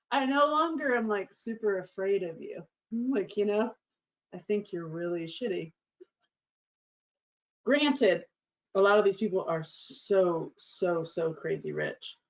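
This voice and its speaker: A woman's voice: medium pitch, expressive, a little slow, dull audio. A middle-aged woman hosting her own show, telling a frank, profane story in a casual monologue, laughing often and acting out what people said. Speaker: show host.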